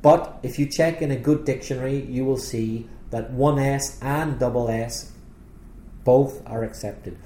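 A man with a British accent, teaching English spelling rules patiently and clearly in a podcast lesson. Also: medium pitch, unhurried, warm tone, echoey room, slight background noise.

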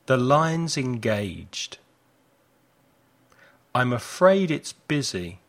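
A man leads a repeat-after-me lesson, sounding out each phrase with care. His delivery is slow, and his pitch swings widely to show the class how each line should sound. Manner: clear, deliberate modelling of phrases with lively intonation. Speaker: English teacher.

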